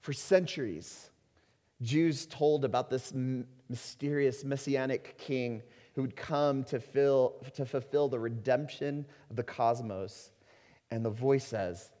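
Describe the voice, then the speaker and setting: A man preaching a sermon as a pastor, earnest, rising to loud emphasis and dropping to slow, quiet stretches. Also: medium pitch, animated. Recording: long hall reverb.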